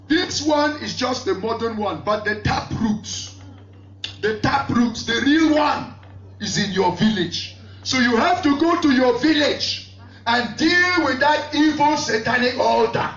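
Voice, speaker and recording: A man, preaching a fervent sermon with shouted bursts and calls to the congregation. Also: very high-pitched, lively intonation, unhurried, slight background noise. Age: 50s. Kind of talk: impassioned sermon. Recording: echoey hall, distant dull mic.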